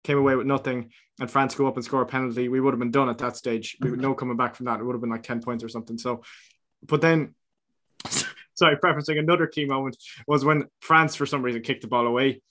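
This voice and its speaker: A man's voice: mid-range voice, steady tone, quick pace, fairly bright tone. A young Irish man co-hosting a podcast, telling stories in a casual chat with frequent laughs. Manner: laughs often, chatty storytelling with restarts. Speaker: podcast co-host.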